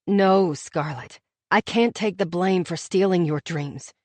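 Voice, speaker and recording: A woman voicing a tender, earnest young man in love in an audiobook, speaking gently and pleadingly. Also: on the low side, a little slow, no echo, lightly acted. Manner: gentle, soft-spoken, pleading. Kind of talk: audiobook character voice.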